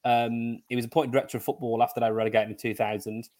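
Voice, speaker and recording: A middle-aged man, co-hosting a casual football podcast and talking in an animated, joking way. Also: medium pitch, fast talker. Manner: animated, jokey, puts on silly foreign-player voices. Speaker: podcast co-host.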